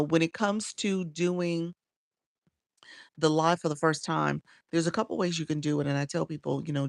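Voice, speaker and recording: A woman's voice: deep voice, vocal fry, dry recording, clean studio sound. A woman with a Chicago accent, coaching viewers on a live stream in a chatty way. She laughs often and greets people by name between tips.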